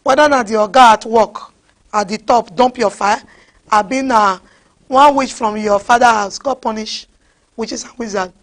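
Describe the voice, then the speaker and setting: High-pitched woman, preaching, animated, pidgin asides. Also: normal speed. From West Africa. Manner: animated, repeats "huh?" to the crowd, mixes in pidgin. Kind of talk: sermon.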